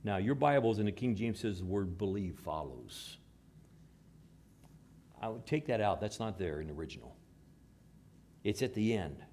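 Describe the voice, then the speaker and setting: A man preaching a sermon, moving between hushed, slow passages and raised, emphatic ones. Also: lowish voice, expressive, a little hiss or hum. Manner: dramatic shifts between hushed and raised delivery. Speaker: pastor.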